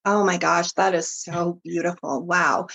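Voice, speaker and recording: A woman's voice: lowish voice, flat delivery, unhurried, gravelly, a bit bright. A woman hosting a podcast interview, prompting her guest with encouraging questions. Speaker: podcast host.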